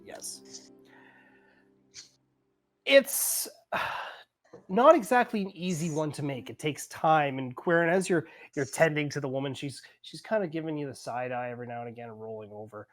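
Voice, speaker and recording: A man's voice: fairly high pitch, expressive, moderate pace, faint music behind. A man narrating as game master of a tabletop game, rambling, laughing often and searching for words.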